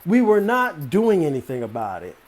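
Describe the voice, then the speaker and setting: A man's voice: a little high, huge pitch swings, moderate pace. A man telling a story about his time as a store manager, in a conversational, emphatic way with many fillers and repeated phrases. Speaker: motivational speaker. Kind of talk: storytelling talk.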